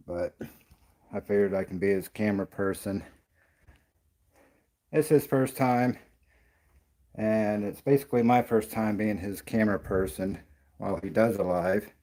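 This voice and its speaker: A man's voice: on the low side, darkish tone. A man doing a paranormal investigation vlog, out of breath and rambling as he talks to the camera. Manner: rambling, self-interrupting. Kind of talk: casual vlog talk.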